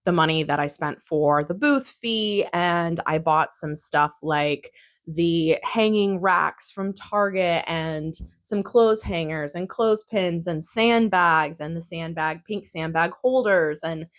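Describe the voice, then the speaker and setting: A woman's voice: on the low side, takes it slowly. A young woman vlogger recapping her day in casual chat, chatty and giggly with lots of fillers.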